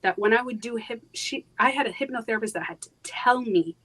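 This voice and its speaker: Woman sharing a hard life story haltingly. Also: fairly high pitch, a bit bright, low-quality recording. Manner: halting, with frequent fillers and restarts. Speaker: interview guest. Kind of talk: personal storytelling in a live interview.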